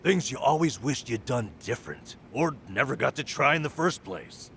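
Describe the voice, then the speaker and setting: An actor playing an upbeat, friendly young male hero who speaks in an excitable, animated way. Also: medium pitch, normal speed, gravelly, a little hiss or hum. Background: game music.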